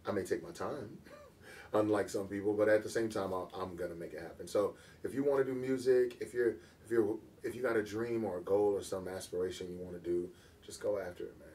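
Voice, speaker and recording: A man's voice: low voice, dark tone, distant mic, slight background noise. A man, a hip-hop artist, chatting casually in an interview in a laid-back, story-telling way and laughing easily.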